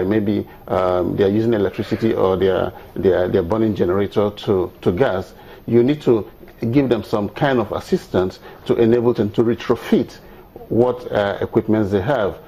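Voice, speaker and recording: Measured man, low dark voice. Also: husky. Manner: measured, explanatory, hesitant fillers. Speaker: studio guest, climate expert. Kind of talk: TV panel discussion.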